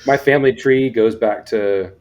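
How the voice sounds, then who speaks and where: A man's voice: mid-range voice, moderate pace, darkish tone, muffled recording. An American man co-hosting a casual podcast, rambling and repeating words as he starts his sentences. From United States. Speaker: podcast co-host.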